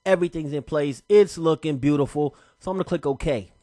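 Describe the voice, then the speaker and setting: A man with a fairly high voice walks through a software tutorial in a relaxed, chatty way, tossing in casual slang as he goes. The sound is dry and close, with no room around it. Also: a little fast, no echo. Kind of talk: casual screen-recorded tutorial.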